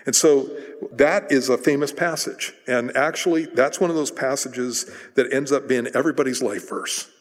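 Conversational preacher in a reverberant hall. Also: male voice, medium pitch, normal speed. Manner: conversational, animated storytelling with frequent restarts. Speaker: pastor. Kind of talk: sermon.

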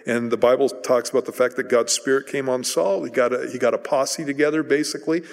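A man's voice: mid-range voice, fairly even intonation, quick pace, gravelly. Conversational male preacher in a reverberant hall. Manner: conversational storytelling, acts out voices in retellings. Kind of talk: sermon.

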